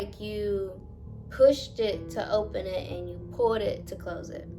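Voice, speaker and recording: A young woman vlogger dramatically recounts her own paranormal experience, addressing viewers directly and swearing freely. Her mid-range voice moves at a measured pace over music.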